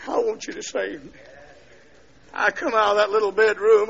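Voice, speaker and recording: High, bright-voiced shouting revival preacher. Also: male voice, little pitch movement, normal speed, gravelly, long pauses, husky, muffled recording. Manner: storytelling, swings into loud shouting preaching. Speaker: preacher giving his testimony. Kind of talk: revival sermon testimony. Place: church service.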